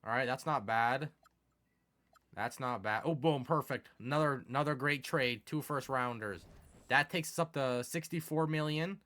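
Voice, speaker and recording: A young man giving casual commentary over a sports video game, excitable and quick to turn exasperated. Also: mid-range voice. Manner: excitable, swings from mumbling to exasperated yelling. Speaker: gaming commentator.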